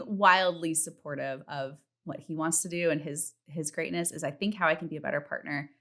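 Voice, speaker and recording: A woman in her thirties hosting a casual solo podcast from home, chatty and candid, swearing freely and acting out her self-talk in a high voice. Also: steady tone, a little fast, hardly any pauses, a bit bright. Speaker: podcast host. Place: home, partner in the next room.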